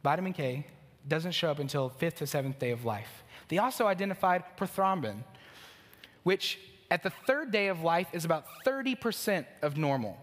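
A man's voice: fairly high pitch, sing-song, moderate pace, fairly bright tone. A man preaching a conversational sermon to a congregation, with asides to the room. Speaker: pastor. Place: church sanctuary. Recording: long hall reverb.

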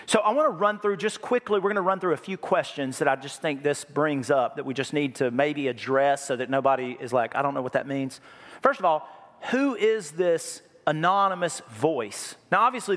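A man preaching a sermon, lively and joking, with a habit of repeating key phrases. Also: a little high. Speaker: pastor. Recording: reverberant hall.

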